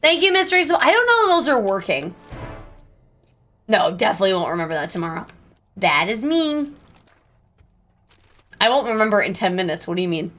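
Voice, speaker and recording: A young woman streaming live, chatting casually with viewers in a bubbly, self-deprecating way and breaking into squeaky exclamations. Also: big pitch swings, fairly quick, long pauses, a bit bright, soft background music.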